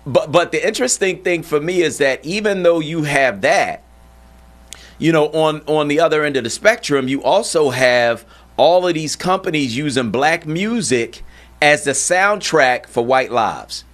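A man hosting a talk show, chatting in an animated way and often checking in with "you know what I'm saying". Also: on the high side, a little slow. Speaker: podcast host. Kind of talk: casual chat.

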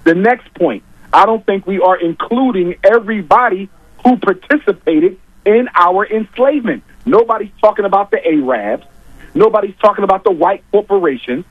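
A man's voice: sits high, lively intonation, normal speed, no echo. A man arguing his points emphatically on a talk show, repeating key lines for weight. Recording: dull, dry lo-fi audio.

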